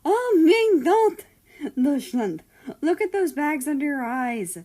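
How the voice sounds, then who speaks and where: A woman's voice: high voice, very animated, takes it slowly, darkish tone, pitched above the performer's own voice, full character voice. A woman voicing a fussy, doting father who fusses over his grown son, speaking in a raised, fretful voice. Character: fussy doting father, middle-aged man, motherly.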